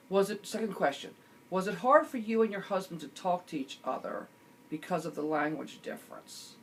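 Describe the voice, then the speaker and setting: A middle-aged woman vlogger chatting casually as she answers viewer questions, rambling with lots of fillers and the odd throat-clear. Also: lowish voice, lively intonation, a little slow, pauses often, a little hiss or hum. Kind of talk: casual chat.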